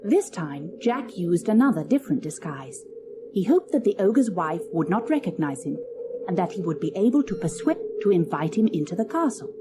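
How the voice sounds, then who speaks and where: Expressive woman reading a fairy tale. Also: fairly low pitch, moderate pace, background noise. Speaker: narrator. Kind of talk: storybook narration.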